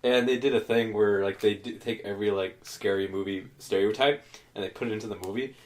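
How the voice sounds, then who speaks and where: A man co-hosting a casual podcast chat, animated, often acting out quotes. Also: fairly low pitch, brisk. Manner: animated, breaks into laughter and acted quotes. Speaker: podcast co-host.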